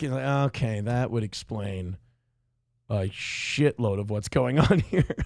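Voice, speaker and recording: Male host, wry reaction commentary, higher voice with a gravelly edge. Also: expressive, normal speed, no room sound, studio quality. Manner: sarcastic, joking, laughs often. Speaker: show host. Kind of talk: reaction commentary on a video clip.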